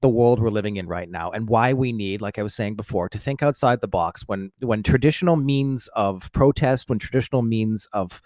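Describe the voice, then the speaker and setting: A man's voice: fairly low pitch, normal speed, few pauses, a little mellow, no echo, studio quality. A man rambling to his viewers in a casual monologue, swearing, stumbling over restarts and fillers, and mocking himself as he goes. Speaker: vlogger.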